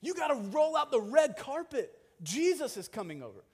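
Young male pastor, very high voice, chatty jokey sermon, long hall reverb. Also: moderate pace. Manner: conversational, animated, jokey asides.

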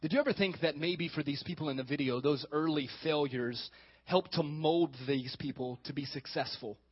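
A man's voice: fairly high pitch, moderate pace, husky, muffled recording. A male pastor preaching a sermon, joking and talking with the congregation.

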